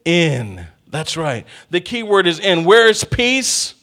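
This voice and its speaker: A man's voice: sits high, slow. A middle-aged man preaching a sermon, calling out to the congregation and drawing responses. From Texas. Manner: lively, call-and-response with congregation.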